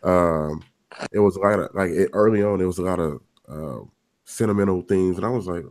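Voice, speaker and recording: Blunt man with a very deep voice. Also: fairly quick, a little mellow. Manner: blunt and opinionated. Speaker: podcast co-host. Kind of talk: casual podcast chat.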